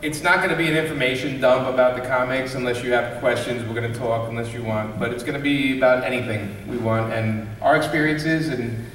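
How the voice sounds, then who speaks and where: A man's voice: medium pitch, a little fast, few pauses. A man from Brooklyn spins a casual, laughing story for a live panel crowd and slips into voices for the people in it. He is picked up from well back in a big echoey hall with a long tail of reverb. Faint room noise sits under him. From Brooklyn, New York. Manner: animated anecdote-teller, acts out quoted voices, laughs often. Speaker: comics creator hosting a convention panel. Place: large convention panel room. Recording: echoey hall, distant mic.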